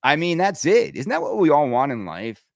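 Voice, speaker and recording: Animated sarcastic male podcast host. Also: a little high, normal speed, creaky, no echo, clean studio sound. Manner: animated, sarcastic, riffing with laughs and mock impressions. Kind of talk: casual ranting monologue.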